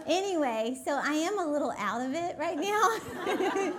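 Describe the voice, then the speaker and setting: A woman's voice: high voice, normal speed, a loud crowd, very noisy. A middle-aged woman, telling a chatty, giggly story as a guest speaker to a live church audience. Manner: bubbly, giggly, animated. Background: audience laughter.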